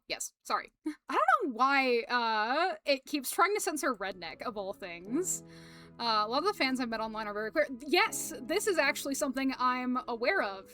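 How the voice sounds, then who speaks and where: A woman's voice: a little high, sharp tone. A young woman streaming, chatting casually to viewers, rambling with lots of fillers, laughter and swearing.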